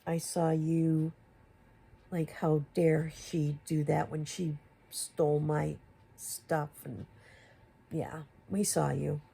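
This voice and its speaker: A woman's voice: low voice, flat delivery, slow pace, creaky, dark tone, slightly rough. A woman giving confrontational commentary, firing rhetorical questions at another creator. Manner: confrontational, rhetorical questions, rising to exasperated emphasis. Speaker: commentary YouTuber.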